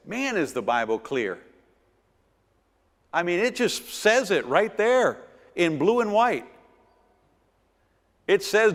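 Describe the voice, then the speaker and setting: A middle-aged man teaches a church finance seminar with a fairly high-pitched voice. He drives his points home by repeating words and asking the audience rhetorical questions. His voice carries a long reverb from a church hall. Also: sing-song, takes it slowly, pauses often, fairly bright tone. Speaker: pastor and seminar speaker.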